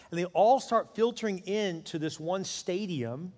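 A man's voice: sits high, fairly quick, hardly any pauses. Fervent man preaching, echoing hall. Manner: animated, acts out voices in the story, builds to urgent appeals. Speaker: pastor. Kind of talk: sermon storytelling.

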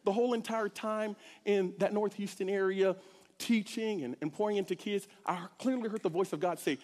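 Male preacher, high voice, passionate testimony delivery, swings soft to loud, big hall reverb. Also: normal speed. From Corpus Christi, Texas. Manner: passionate, swings from hushed to shouting. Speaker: church speaker giving testimony. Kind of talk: sermon testimony.

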